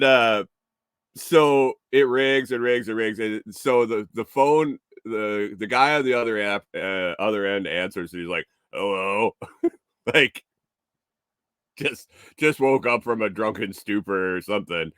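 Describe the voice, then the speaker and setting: A man's voice: on the low side, a little slow, fairly bright tone, clean tone, no room sound, studio quality. A man hosting a casual morning show, telling a story with frequent chuckles and cursing, and reading out viewer comments. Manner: chuckles through his story, swears freely, reads viewer comments. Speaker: show host.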